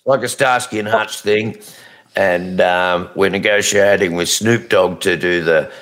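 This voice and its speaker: A man's voice: low-pitched, steady tone, measured pace, fairly bright tone. A man with an Australian accent joking loosely and crudely in radio chat.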